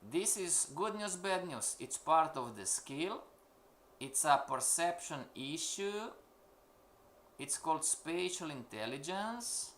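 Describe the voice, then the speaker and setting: A man's voice: fairly high pitch, expressive, slow pace, a bit bright, a little hiss or hum. A man teaching a live-streamed trading class, emphatic and questioning, repeating his points to the students. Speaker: forex trading instructor.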